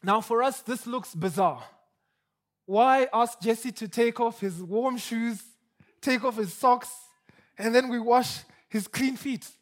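High-voiced animated male preacher. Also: takes it slowly. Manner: animated, emphatic, repeats words when excited. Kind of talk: sermon.

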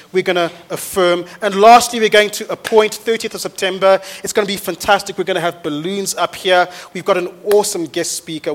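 A man, a pastor preaching a sermon to his church with energetic storytelling that rises into loud exhortation. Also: high-pitched. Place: church auditorium.

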